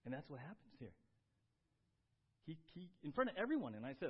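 A male pastor preaches with animated emphasis, his fairly high voice climbing as he drives a point home and stumbling over quick restarts. The recording is muffled and lo-fi, with the crisp top end dulled. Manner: animated, rising to emphatic highs, with repeated restarts. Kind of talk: sermon. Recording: dull lo-fi sound.

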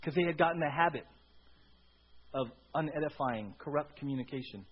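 A man's voice: on the high side, fairly quick, breathy edge. A man preaching a sermon as pastor, conversational, often checking in with the congregation with "right?". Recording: dull lo-fi sermon audio.

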